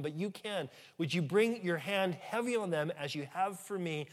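A pastor giving an earnest, conversational sermon, his voice swelling louder at times. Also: high voice. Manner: earnest, conversational preaching with sudden rises in volume.

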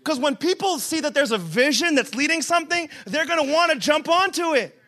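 A man with a strikingly high voice preaches to a church congregation in a loose, joking way. His tone is bright and forceful, and he keeps swinging between casual asides and emphatic, shouted points. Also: expressive, fairly quick. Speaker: pastor. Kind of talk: humorous conversational sermon. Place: church service.

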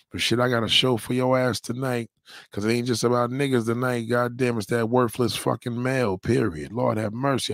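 A man hosting a livestream, ranting loudly and profanely, rambling and repeating his catchphrases. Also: lowish voice, no echo, clean studio sound. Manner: loud, rambling, repeats catchphrases, heavy swearing. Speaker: livestream host.

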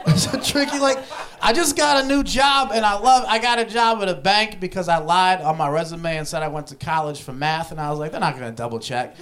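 A man's voice: high voice, moderate pace, a bit bright. A young man from Ohio doing a stand-up comedy set, talking loosely and laughing as he goes, with audience laughter around him. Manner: loose, laughing, conversational delivery. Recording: live club with audience laughter.

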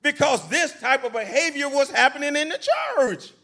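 High-voiced man preaching a folksy sermon. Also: moderate pace, bright, forceful tone. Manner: preaching to the congregation with call-and-response questions; folksy and conversational, with repeated phrases. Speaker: pastor. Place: church sanctuary.

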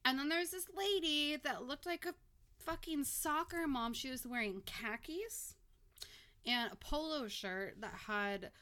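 A woman telling a story in casual chat, animated and swearing, quoting herself in lively bursts. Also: sits high, a little slow. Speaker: podcast guest storyteller.

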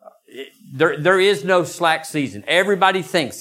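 An older man preaching a sermon as pastor, acting out quoted voices in lively bursts. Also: moderate pace. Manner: animated, acts out voices with sudden high pitch jumps.

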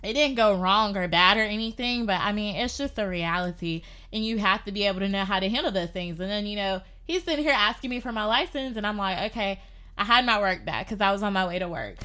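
A woman telling a personal story in casual podcast chat, animated and filling her talk with "like". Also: mid-range voice, fast. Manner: animated, lots of "like". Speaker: podcast guest.

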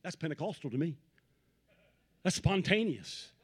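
High-voiced man preaching with shouted peaks. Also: lively intonation, moderate pace, husky. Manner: dynamic preaching, swings from low asides to shouted peaks; rhythmic repetition of phrases. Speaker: pastor. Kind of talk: Pentecostal sermon.

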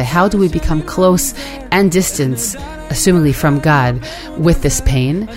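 A woman hosting a podcast, speaking in an earnest, reflective way, often pausing with "uh.". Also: low voice, soft background music. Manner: earnest, hesitant with frequent "uh"s. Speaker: podcast host. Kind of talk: reflective talk.

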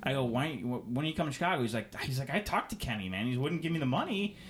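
A man chatting casually about baseball, lively and prone to breaking into exaggerated impressions. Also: mid-range voice, racing, slight background noise. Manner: animated, puts on exaggerated impressions. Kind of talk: casual chat.

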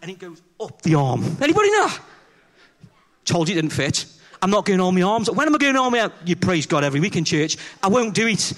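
A man's voice: sits high, very animated, a little fast, fairly bright tone. A man preaching a chatty, humorous sermon in church, telling self-deprecating stories and acting out the dialogue as he questions the congregation.

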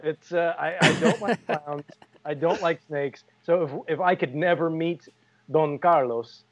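A man's voice: on the high side, measured pace. A man co-hosting a podcast in casual chat, joking and telling stories. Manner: jokey, storytelling, laughs often. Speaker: podcast co-host.

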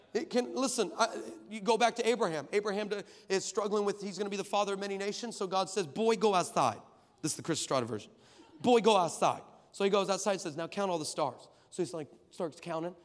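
A man with a high voice preaches a sermon and retells scripture with lively comic asides. His voice rings out with a long reverb, as if filling a large hall. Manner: animated storytelling with comic asides.

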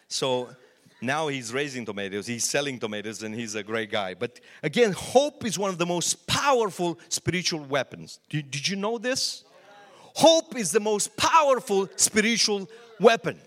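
A middle-aged man, a pastor, preaching a sermon with lively storytelling and acted-out quotes. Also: on the high side, normal speed.

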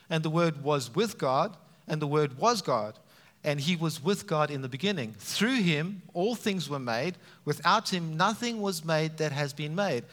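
A man preaching a sermon, animated and emphatic, with frequent rises for emphasis. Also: on the high side. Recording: reverberant hall sound.

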